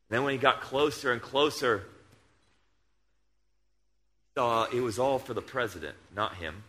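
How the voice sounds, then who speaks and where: A middle-aged man preaching a sermon, moving between loud, excited storytelling and quiet, hushed intensity. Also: medium pitch, normal speed, hardly any pauses.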